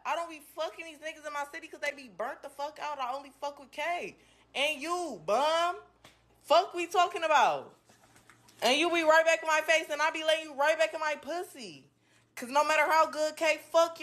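A woman's voice: sits high, a bit bright. A drunk woman ranting on a home livestream, brash and taunting, repeating her jabs over and over. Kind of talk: livestream rant. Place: home bedroom, indoors.

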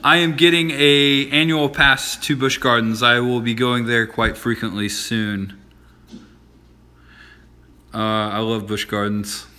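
A man's voice: mid-range voice, fairly even intonation, slow pace, sharp tone. A man hosting a casual livestream from his home, chatting in a rambling, friendly, self-deprecating way. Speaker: livestream host. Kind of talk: casual live-stream chat.

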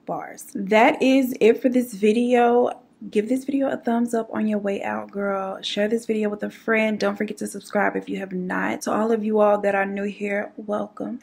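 A woman's voice: medium pitch, vocal fry, darkish tone, husky. A woman, telling a true crime story in a casual, sassy way while doing her makeup at home. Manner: chatty, sassy asides. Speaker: beauty and true crime YouTuber.

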